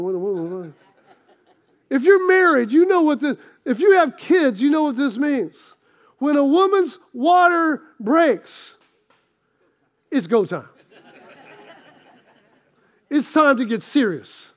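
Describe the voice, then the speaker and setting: A man preaching a sermon, telling stories with animated swings from loud outbursts to quiet asides. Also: extremely high pitch, slow, pauses often. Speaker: pastor.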